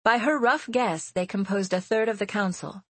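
A woman reading an audiobook novel in steady scripted narration. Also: mid-range voice, normal speed, breathy edge, no room sound.

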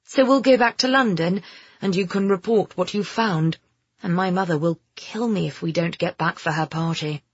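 A narrator voicing a bright, playful young upper-class woman in an audiobook. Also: moderate pace, slightly rough, no echo, highs cut off. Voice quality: lighter, higher, lively. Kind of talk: audiobook character voice.

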